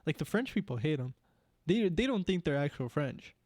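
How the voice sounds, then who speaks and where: A man's voice: fairly high pitch, very animated, normal speed, darkish tone, dry recording, clean studio sound. A young man co-hosting a podcast in casual chat, rambling with many "like"s and "you know"s. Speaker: podcast co-host.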